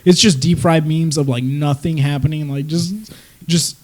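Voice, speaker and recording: A man's voice: a little high, steady tone, moderate pace. A young man co-hosting a podcast, rambling loosely in casual chat with lots of "like". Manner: rambling, filler-heavy, frequent "like". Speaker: podcast co-host.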